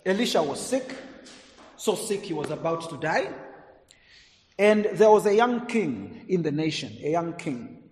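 Man, preacher; somewhat high voice, dramatic loud-soft swings, long hall reverb. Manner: dramatic swings between loud emphasis and quiet asides. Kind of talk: sermon.

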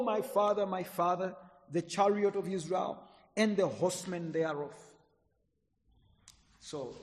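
A man preaching a sermon, swinging between loud emphatic lines and quiet asides. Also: on the high side. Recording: echoey hall, long reverb.

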